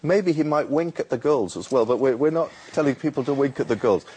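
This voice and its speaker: Husky animated male preacher. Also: medium pitch, brisk. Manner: animated, repeats words, acts out a street vendor's calls. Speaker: Muslim preacher guest. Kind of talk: storytelling explanation.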